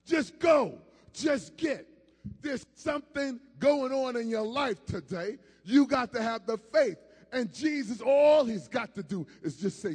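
Male preacher, high husky voice, rising to shouts, long church-hall reverb. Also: lively intonation, a little slow. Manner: call-and-response, builds from quiet to shouting. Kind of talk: sermon.

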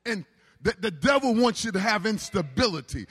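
A man preaching a sermon in a call-and-response style, building to shouts. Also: sits high, sing-song, normal speed, breathy edge. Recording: reverberant hall.

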